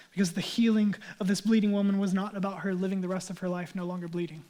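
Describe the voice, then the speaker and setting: A man's voice: high-pitched, level tone, fast talker, hardly any pauses, mellow. A man in his thirties, a pastor preaching a sermon in an earnest, conversational way with casual asides.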